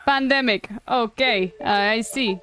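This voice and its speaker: Her voice sits a little high, pushed and bright yet smooth, and she talks a little slowly with no room sound around her. She's a young woman doing casual live gaming commentary, chatty, profane and quick to poke fun at herself.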